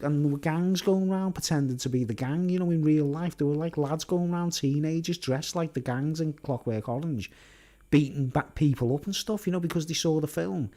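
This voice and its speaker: A man's voice: fairly high pitch, dark tone. A man telling a long casual story, rambling and filler-heavy, often laughing.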